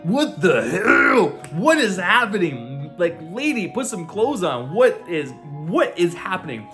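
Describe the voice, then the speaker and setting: Ein Mann spielt einen genervten, fluchenden jungen Abenteurer, etwas hohe Stimme, leise Musik dahinter. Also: male voice, sits high, sing-song, unhurried, bright, forceful tone, faint music behind, voice pushed up, heavily acted. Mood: bewildered. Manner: exasperated, swearing. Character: bewildered, fed-up young male adventurer.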